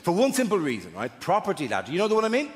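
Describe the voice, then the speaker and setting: High, lively stand-up comedian. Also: male voice, rapid-fire. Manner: chatty, mock-outraged, switches into silly character voices. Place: large theatre stage. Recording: echoey theatre with loud crowd noise.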